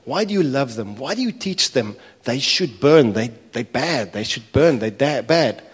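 A man preaching a sermon, telling a parable with animated, acted-out voices. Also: mid-range voice, measured pace, breathy edge. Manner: animated storytelling, acting out characters' complaints. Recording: echoey hall reverb.

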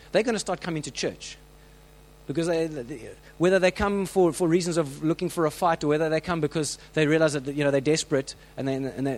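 A man preaching a sermon, telling stories with lively acted-out voices and frequent restarts. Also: fairly high pitch, low-quality recording. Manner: animated storytelling, acts out quoted voices; many restarts and filler words.

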